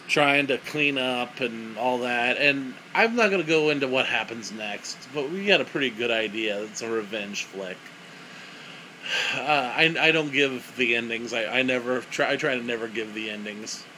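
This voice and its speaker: A man's voice: mid-range voice, normal speed, bright, forceful tone, slight background noise, rough recording. A young man giving a crude, sarcastic, rambling comedic movie review.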